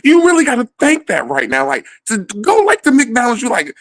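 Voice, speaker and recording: A man's voice: very high voice, wildly swooping pitch, fairly quick, a bit bright, no room sound. A man in a casual comedic rant, swearing freely and laughing often in the middle of his sentences. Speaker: comedic ranter.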